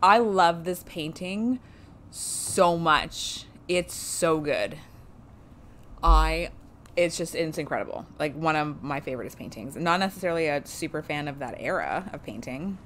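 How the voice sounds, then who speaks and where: A woman gives casual let's-play commentary, laughing and cursing as she goes. Her voice sits a little low but swings widely in pitch, with faint hiss behind it. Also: animated, a little slow, a bit bright. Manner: chatty, swears freely, laughs a lot. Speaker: streamer playing a game.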